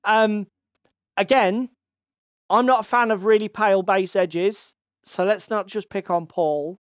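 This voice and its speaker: A man's voice: high-pitched, fairly even intonation, unhurried, clear, resonant tone, dry recording. A man hosting a casual hobby podcast, chatty and given to swearing. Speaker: podcast co-host. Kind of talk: casual chat. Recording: slightly dull lo-fi audio.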